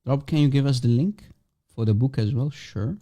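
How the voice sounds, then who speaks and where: A man's voice: mid-range voice, moderate pace, dark tone. A man hosting a casual livestream, mocking and provocative, teasing and repeating himself as he calls for guests. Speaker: livestream host.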